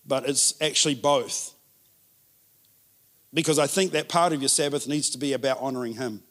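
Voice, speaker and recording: A man preaching a sermon in an animated way, repeating words for emphasis. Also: medium pitch, moderate pace. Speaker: pastor.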